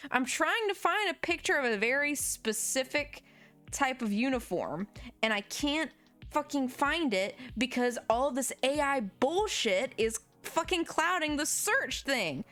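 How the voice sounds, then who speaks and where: A woman streamer chatting casually while drawing, rambling and swearing freely, her voice jumping up in pitch now and then. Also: fairly bright tone.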